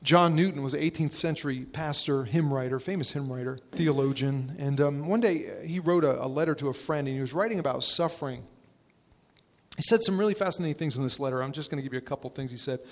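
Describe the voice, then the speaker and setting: A man's voice: medium pitch, fast, in a large hall. A male pastor preaching a sermon in a conversational, storytelling way, with plenty of fillers and restarts.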